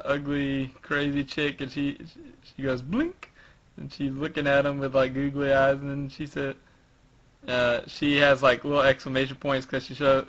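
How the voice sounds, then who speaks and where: A man's voice: mid-range voice, fairly bright tone, lo-fi sound. A man hosting a podcast, chatting animatedly as he retells comic pages. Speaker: podcast host. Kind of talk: casual chat, reading a comic aloud.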